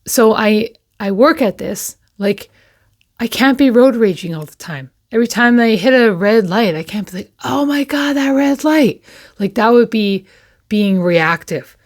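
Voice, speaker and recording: This mother hosts a recovery channel and gives a reflective personal talk to camera. She speaks candidly and slowly at a medium pitch with lively intonation, often pausing and repeating herself.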